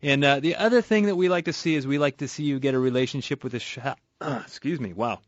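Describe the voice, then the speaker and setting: Chatty radio host, dry muffled sound. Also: male voice, mid-range voice, fast, dry recording. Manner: conversational, repeats words and restarts, laughs easily. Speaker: radio show host and auto repair shop owner. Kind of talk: casual radio call-in chat. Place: radio studio. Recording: muffled radio broadcast audio.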